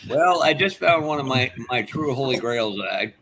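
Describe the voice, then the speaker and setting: A man's voice: mid-range voice, lively intonation, normal speed, a loud crowd. Man cracking crude jokes in casual chat.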